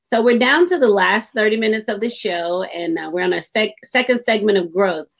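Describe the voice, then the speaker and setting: A woman's voice: mid-range voice, normal speed, creaky. A woman hosting a radio talk show, chatting openly and expressively and laughing easily.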